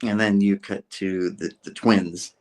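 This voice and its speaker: A man's voice: low-pitched, fairly even intonation, a little slow, darkish tone. A man hosting a comic book review show, recapping casually and rambling, with restarts and laughs.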